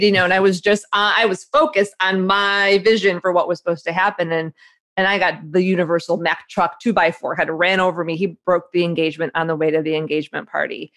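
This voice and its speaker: A woman in her forties, an author, telling her story in a lively, quick conversational way and acting out the voices she heard. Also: lowish voice. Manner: animated, quick storyteller who acts out her inner voice. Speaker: author and guest. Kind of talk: conversational interview.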